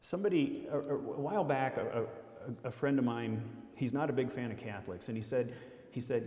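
A man's voice: medium pitch, brisk, darkish tone. Guy from iowa telling his faith story to a church crowd, earnest w some self-deprecating jokes, medium voice, lots of hall echo. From Iowa, USA. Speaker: lay speaker giving a testimony. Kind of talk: personal faith testimony to a congregation. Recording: echoey hall with long reverb.

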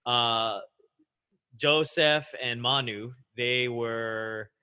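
A man's voice: medium pitch, bright, forceful tone, smooth. A man co-hosting a podcast, reading out listener questions in an easygoing, chatty way. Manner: easygoing, reads questions, quick agreeing interjections. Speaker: podcast co-host. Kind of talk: casual podcast chat.

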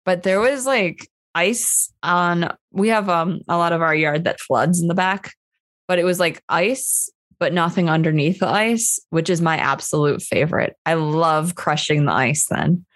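A woman co-hosting a podcast, telling everyday stories in a lively, giggly way. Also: on the low side, unhurried. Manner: animated, giggly storyteller. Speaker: podcast co-host. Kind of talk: casual storytelling chat.

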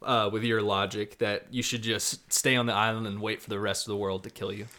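A man's voice: lowish voice, level tone, fairly quick, bright, forceful tone. A young man co-hosting a casual podcast, laid-back and teasing as he reasons through his point. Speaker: podcast co-host. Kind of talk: casual anime recap chat.

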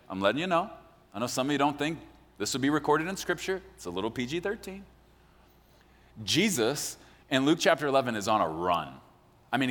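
A man preaching a sermon as pastor, animated and joking, acting out quotes in a large church. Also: mid-range voice. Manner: animated, jokey, acts out quotes. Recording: long hall reverb.

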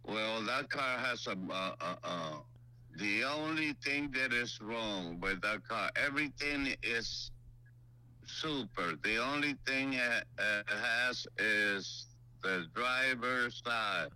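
Slow hesitant guy on the phone selling his car, bright clear voice, lots of uhs. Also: mid-range voice. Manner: halting, hesitant, many fillers. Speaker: car seller on a phone call. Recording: phone call on speaker.

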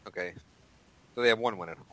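A man's voice: fairly low pitch, fast, bright, forceful tone, dry recording, poor audio. A man co-hosting a casual sports podcast, venting with casual swearing. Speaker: podcast co-host.

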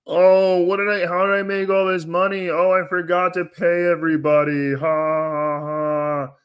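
A man's voice: high voice, little pitch movement, normal speed, smooth, dull audio, pitched above the performer's own voice, natural voice. A man putting on an impression of a whiny, self-amused middle-aged male comedian who chuckles at his own lines. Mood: smug.

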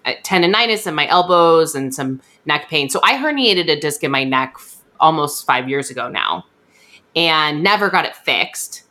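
Bright-voiced chatty podcast woman. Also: sits low, normal speed. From USA. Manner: chatty, animated, acts out quoted voices. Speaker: podcast host. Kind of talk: casual storytelling chat.

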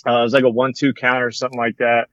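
A young man, a former bat boy, telling a story in casual chat, with lots of fillers and a relaxed manner. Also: mid-range voice, racing, no echo, muffled recording. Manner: relaxed, rambling, many fillers like "like" and "you know".

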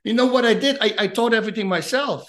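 A middle-aged man with a Dutch accent, a retired fighter telling lively stories as a guest and acting out the voices in them. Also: very high voice, quick pace. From Netherlands. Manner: animated, acts out voices in his anecdotes. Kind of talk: casual storytelling.

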